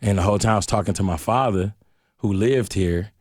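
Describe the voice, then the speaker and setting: A middle-aged man from Detroit telling a story as a guest in a radio interview, slangy and animated, acting out the voices of the people in it. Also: on the low side, a little fast, breathy edge, dry recording, studio quality.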